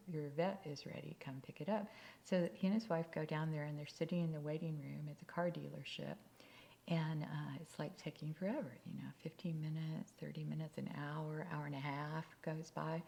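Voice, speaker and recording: A woman telling faith stories in a casual talk, with halting restarts and whispered asides. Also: sits low, vocal fry, dark tone. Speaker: speaker.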